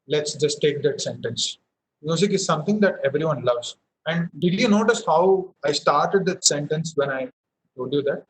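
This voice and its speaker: A man's voice: fairly high pitch, normal speed, a little hiss or hum, rough recording. A young man from India teaching a public speaking session over a headset, explaining with frequent fillers and restarts. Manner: explanatory, many fillers and restarts, demonstrates emphasis. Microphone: headphones with mic.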